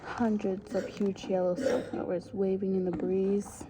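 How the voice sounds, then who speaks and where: A woman reading a children's storybook aloud in a soft whispery voice. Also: mid-range voice, flat delivery, a little slow, very noisy. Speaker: storybook reader.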